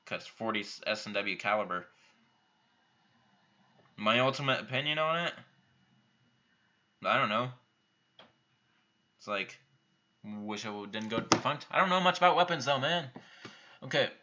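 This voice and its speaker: A man's voice: mid-range voice, expressive, unhurried, pauses often, pushed and bright, lo-fi sound. A young man hosting a live viewer Q&A, reading out questions and answering them offhand and bluntly in a casual chat. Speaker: YouTube channel host answering viewer questions.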